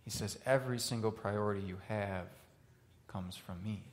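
A male pastor preaching a sermon, swinging from loud, rising questions to quiet, hushed lines. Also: on the low side, normal speed.

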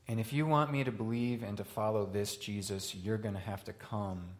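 A male pastor preaching a sermon, swinging from loud, rising questions to quiet, hushed lines. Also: on the low side, fairly even intonation, normal speed.

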